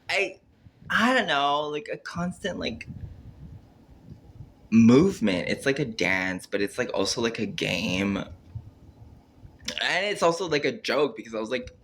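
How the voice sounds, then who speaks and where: A man's voice: medium pitch, big pitch swings, takes it slowly, long pauses, a bit bright, a little hiss or hum. A man rambling through a casual monologue on camera, full of filler words, acting out his own reactions and trailing off mid-sentence. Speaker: vlogger.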